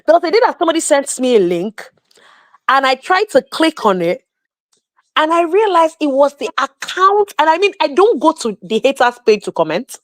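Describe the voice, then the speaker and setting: A woman calling in to a livestream, telling a story in a lively, quick way. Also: sits high, dry recording. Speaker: caller. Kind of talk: casual call-in chat.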